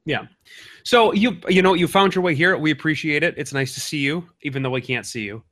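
Man, podcast co-host from Minnesota; bright, tense tone; teasing banter. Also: on the high side, fairly quick. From Minnesota, USA. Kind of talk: casual chat. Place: suburbs of Minnesota.

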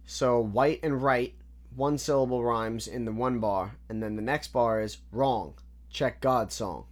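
A man's voice: medium pitch, unhurried. A man casually breaking down rap lyrics line by line, analytical and repetitive, often restarting his sentences. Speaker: music reviewer.

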